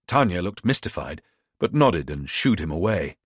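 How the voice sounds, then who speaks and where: A man narrating a thriller audiobook in an expressive, measured way. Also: deep voice, husky, dry recording, studio quality. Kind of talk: scripted narration.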